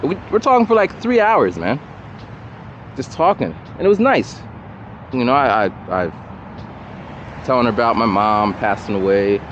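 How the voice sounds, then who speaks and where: A man tells a long, rambling story while he walks along a road outdoors. His pitch swings widely as he talks. It is picked up by a camera mic, so the sound is dull and slightly muffled, with faint traffic behind him. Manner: animated, rambling, repeats himself. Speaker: vlogger. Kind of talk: casual storytelling while walking. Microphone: camera or phone mic, no separate mic.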